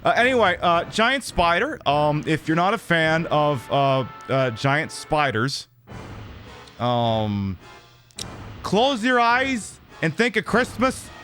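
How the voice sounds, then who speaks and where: A man talking casually through a game stream. His voice is bright and swings widely in pitch as he rambles and riffs with his chat, over faint background music. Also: sing-song, takes it slowly. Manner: rambling and chatty, with many fillers and repeats, reacting to chat. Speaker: streamer playing a horror game. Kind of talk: casual livestream commentary.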